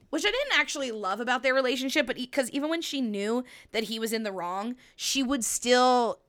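A young woman with a medium-pitched, sharp-toned voice hosts a casual solo podcast. She talks bluntly and animatedly, swears freely, and acts out quotes.

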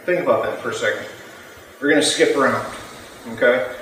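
A man's voice: mid-range voice, a little fast, a bit bright, slight background noise. A man giving a casual sermon to a youth group, talking in a conversational way and often checking in with his listeners. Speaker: youth pastor. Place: church youth room. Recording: very echoey room, mic far off.

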